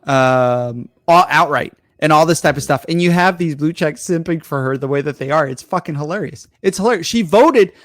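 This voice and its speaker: A man's voice: a little high, moderate pace, hardly any pauses, fairly bright tone, dry recording, studio quality. A man co-hosting a podcast, ranting casually with heavy profanity and scorn. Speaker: podcast co-host. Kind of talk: casual political rant.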